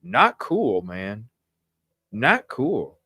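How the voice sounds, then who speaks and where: A man's voice: on the low side, huge pitch swings, very slow, sharp tone, husky, no echo, studio quality. A man hosting a live news stream, talking in agitated, indignant bursts that ramble with restarts.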